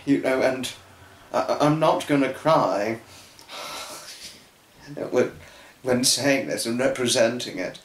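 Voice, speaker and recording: Young man, tearful, earnest, rambling vlog monologue, mid pitch, roomy echo. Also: takes it slowly, long pauses. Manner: earnest, rambling, with many restarts. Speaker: fan vlogger.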